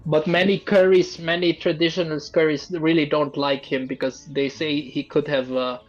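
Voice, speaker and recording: A man's voice: fairly high pitch, level tone, moderate pace, muffled recording, faint music behind. A man hosting a casual live stream, chatting and joking with his guests. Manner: chatty, laughs often, jokes with guests. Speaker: stream host.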